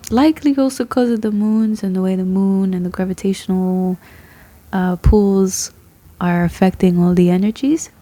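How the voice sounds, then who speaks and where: A woman's voice: mid-range voice, dark tone, a little hiss or hum. A woman, a tarot reader chatting loosely to her viewers, laughing often and swearing casually as her thoughts drift. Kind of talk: rambling casual chat to camera.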